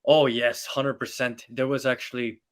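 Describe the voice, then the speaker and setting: A nineteen-year-old man with a French accent, a native French speaker, talking as a guest magician in a podcast interview, animated and storytelling with many fillers. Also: medium pitch, moderate pace.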